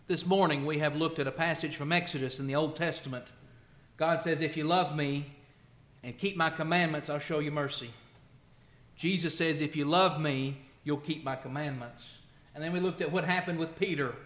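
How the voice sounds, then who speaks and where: A man preaching a sermon in a church. He is emotional, swelling loud on scripture and then dropping soft. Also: on the high side, fairly even intonation, moderate pace, reverberant. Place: church sanctuary.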